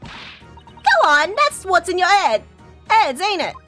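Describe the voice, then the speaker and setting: A woman's voice: very high-pitched, very animated, slow, sharp tone, soft background music, voice pushed up, heavily acted. A woman voicing a cocky young female pickpocket in a game, with brash, slangy street talk. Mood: defiant.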